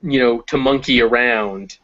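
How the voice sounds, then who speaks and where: Male English teacher, mid pitch, explains slowly with thinking pauses; slightly dull recording. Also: fairly bright tone. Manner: explains step by step, pausing to think with many ums. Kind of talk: conversational language lesson.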